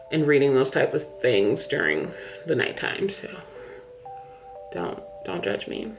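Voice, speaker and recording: A woman's voice: lowish voice, fairly bright tone. A woman book vlogger chatting candidly to camera in a small room under studio lights, a little out of breath. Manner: chatty, candid, says "yo" and "y'all". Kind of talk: casual chat to camera.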